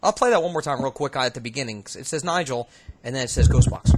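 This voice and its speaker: Male investigator host, casual halting commentary, mid-pitched, easygoing. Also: very noisy. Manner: relaxed, halting, thinking aloud with fillers. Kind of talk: casual commentary reviewing recordings.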